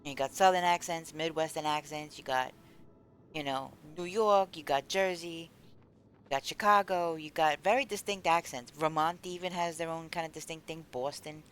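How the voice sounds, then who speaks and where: A woman with a fairly low voice chats casually while she plays a game on a live stream. She rambles and answers her chat aloud, with faint music behind her. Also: normal speed, clear, resonant tone. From United States.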